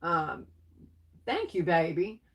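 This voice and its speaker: A woman's voice: fairly low pitch, sing-song, takes it slowly, a bit bright. A woman hosting a crafting livestream, reading viewer comments aloud and greeting people as baby and darling, sneezing and coughing now and then.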